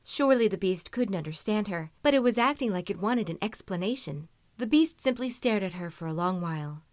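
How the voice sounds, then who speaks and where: Woman narrator, storybook reading, even measured delivery, dry close recording, mid pitch. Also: no echo. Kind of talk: audiobook-style story reading.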